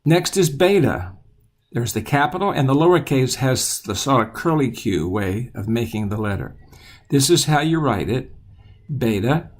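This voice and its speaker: A man teaching children the alphabet, patiently repeating each letter aloud in a steady voice. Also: medium pitch, normal speed.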